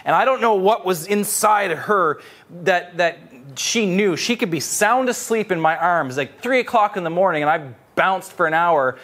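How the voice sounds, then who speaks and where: A young adult male pastor preaching a sermon with animated storytelling, repeating phrases for emphasis. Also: sits high, moderate pace.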